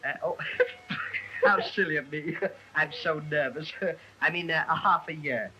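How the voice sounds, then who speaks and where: A giggly fake housemaid. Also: male voice, a little high, a little slow, bright, forceful tone, a little hiss or hum, poor audio. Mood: flustered, giggly. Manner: giggly, flustered, fumbling. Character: bashful man posing as a housemaid. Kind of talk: 1930s film comedy acting.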